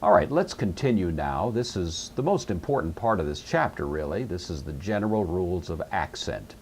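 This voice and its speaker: A middle-aged male teacher with a low, gravelly voice, walking through a lesson patiently and slowly repeating the key terms. His pitch rises and falls a lot as he stresses each point. A faint hiss sits under the recording. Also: animated. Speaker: Greek teacher. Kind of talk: recorded lecture.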